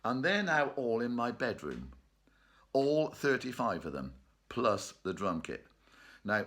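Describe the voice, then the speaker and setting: A man's voice: medium pitch, big pitch swings, a little slow, a bit bright. A man leading an online choir rehearsal from his bedroom, chatty and joking, laughing often. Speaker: choir leader. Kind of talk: casual online rehearsal chat. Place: bedroom at home.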